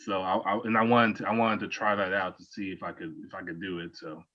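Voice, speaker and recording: A man, a stage actor, talking modestly and hesitantly on a video call, with soft laughs. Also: deep voice, little pitch movement, fast. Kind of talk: casual video call chat. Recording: muffled lo-fi video call audio.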